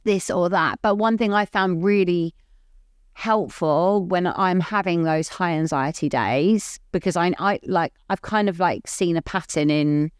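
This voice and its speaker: A woman's voice: fairly low pitch, unhurried, clean tone, no room sound, studio quality. A woman co-hosting a podcast, talking openly in a rambling, earnest way full of "like". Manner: rambling, heavy use of "like", open and earnest. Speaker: podcast co-host. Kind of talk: candid casual chat.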